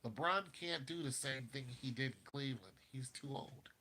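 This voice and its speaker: A man hosting a casual basketball talk show, animated, laughing often and talking straight to his viewers. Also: medium pitch, normal speed, a little hiss or hum. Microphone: streaming mic.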